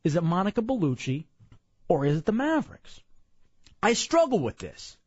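A young man from Dallas talks in a slightly husky voice that swings lively up and down. He rambles and jokes, tired and a bit worn out. The recording is dull and lo-fi, with a dry room sound. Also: high-pitched, moderate pace, dry recording. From Dallas, Texas. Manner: rambling, animated, joking. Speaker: podcast host. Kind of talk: casual chat.

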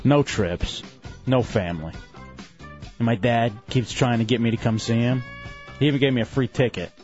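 A man's voice: mid-range voice, moderate pace, darkish tone, muffled recording, soft background music. A man hosting a radio show in casual banter, telling stories with self-mocking asides.

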